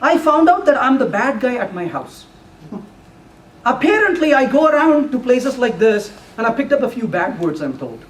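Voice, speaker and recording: A man's voice: extremely high pitch, very animated, normal speed. A middle-aged man giving a live technical talk to an audience, playful and teasing, quizzing the room with questions. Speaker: conference speaker. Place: meeting room before an audience. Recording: roomy, distant, faint room noise.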